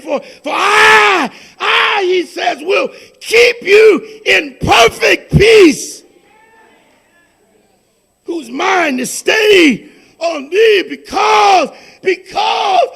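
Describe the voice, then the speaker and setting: A man preaches in a very high, gravelly voice, slow and drawn out. His sermon moves between hushed near-whispers and shouted, repeated phrases. The delivery is fervent and rhythmic. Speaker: pastor.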